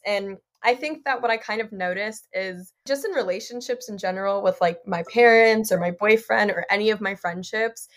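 A young adult woman, a podcast guest, talking in an earnest, rambling way with frequent "like" and "you know". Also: mid-range voice. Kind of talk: casual interview chat.

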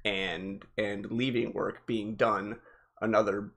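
A man's voice: fairly low pitch, level tone, takes it slowly, fairly bright tone. Rambling man with a Northeastern US accent. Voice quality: rambling, restarts with many fillers. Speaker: podcast co-host, delivery driver. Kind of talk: casual chat.

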